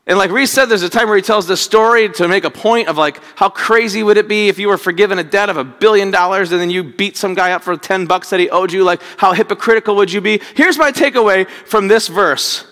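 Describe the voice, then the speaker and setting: Male pastor with a high voice, chatty sermon delivery, booming hall echo. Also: a little fast, hardly any pauses, bright, forceful tone. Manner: conversational, repeats words, acts out quotes.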